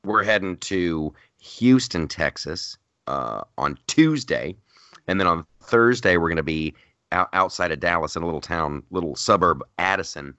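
Man, podcast host, low voice, forceful bright tone, rambling and jokey, faint music behind. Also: expressive, moderate pace, dry recording. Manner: rambling, joking, quotes people in mock voices. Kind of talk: casual chat.

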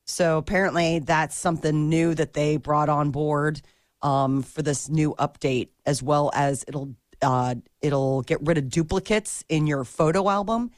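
A woman co-hosting a morning radio show, giggling often and reading quick news items in casual chat. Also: deep voice, fairly even intonation, no echo, studio quality. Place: radio studio.

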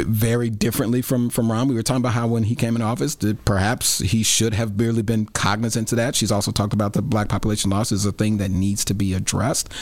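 Guy guesting on a talk show, lowish voice, thoughtful, takes his time, dry close sound. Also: no echo. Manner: thoughtful, measured, many fillers and restarts. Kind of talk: casual political chat.

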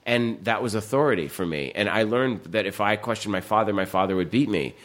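A podcast guest with a lowish voice chats casually, talking fairly quickly with hardly any pauses. He tells a story animatedly and acts out the people in it, quotes and all.

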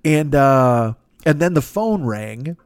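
Here the same kind of podcast host, a middle-aged man, rambles through a comic story in a casual monologue, swearing freely and throwing in goofy noises and voices. He speaks at a medium pitch, animated yet slow, with a clean tone. The studio-quality recording has no room reverb.

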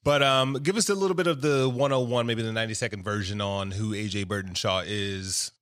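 Bright-voiced man hosting a podcast. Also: on the low side, a little fast, dry recording, studio quality. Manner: jokey, playful, chatty. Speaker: podcast host. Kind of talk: casual podcast interview.

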